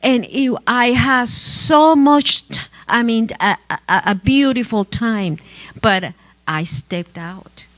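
A woman, a pastor's wife giving an animated, laughing testimony at a church teaching. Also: a little high, takes it slowly. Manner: animated storytelling with laughing asides and restarts.

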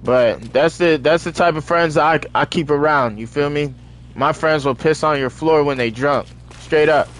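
A young man streaming a video game, chatting casually in heavy slang and telling animated stories between excited outbursts. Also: on the high side, moderate pace. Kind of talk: casual stream chat while gaming.

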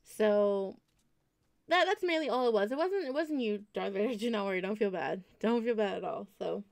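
A woman streamer talks loosely to her viewers mid-game, with a gravelly, fry-edged voice at an ordinary middle pitch. She rambles and restarts her sentences, often stopping to correct a word and reassure the people listening. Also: lively intonation, moderate pace, a little mellow. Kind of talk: casual chat to stream viewers while gaming.

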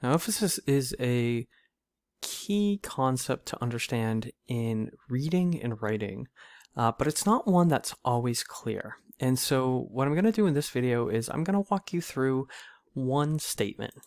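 A man lecturing on a recorded class video, speaking in a relaxed, conversational way and often checking in with "right?". His voice sits at a middle pitch. The recording is close and dry, with no room echo. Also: unhurried. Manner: casual, conversational, frequent "right?" tag questions. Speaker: literature instructor.

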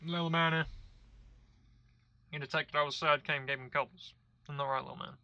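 A man's voice: fairly high pitch, steady tone, a little fast, gravelly, pushed and bright, muffled recording. A young man giving casual let's-play commentary at home, swearing, mocking himself and yelping and groaning at the game. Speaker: gaming video creator. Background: video game music and sounds.

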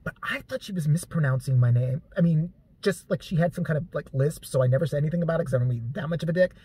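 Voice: mid-range voice, quick pace, warm tone, husky. A vlogger telling rambling, joking, profane stories about a late father in a casual monologue.

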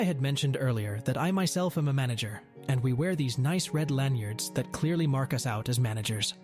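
A man narrates a story in a wry, dramatic tone, his voice pitched in a plain middle range. Faint music plays softly beneath him. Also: animated, a little fast, few pauses. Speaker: store manager. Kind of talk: reading a story aloud.

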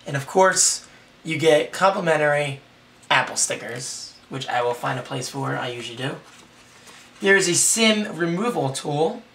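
A young man with a hoarse, raspy voice, excitedly rambling through a casual unboxing vlog. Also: fairly high pitch, unhurried, recorded from a distance, slight background noise. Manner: excited, rambling, self-deprecating. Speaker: tech vlogger.

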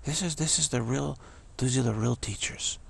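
Very raspy, gravelly-voiced man. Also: medium pitch. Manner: halting, repeats words, often drops to a whisper. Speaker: spiritual speaker. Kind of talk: informal spiritual talk.

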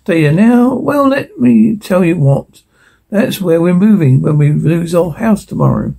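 A man reading the lines of an excitable, inventive young boy from a film script, in a gravelly voice. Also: high-pitched, a little slow, heavily acted. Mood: grim.

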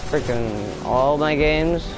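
A man's voice: fairly high pitch, slow. Man taunting enemies while gaming. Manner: playfully taunts enemies, mock-tough talk. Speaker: gamer streaming his play. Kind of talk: casual live gameplay commentary. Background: game music.

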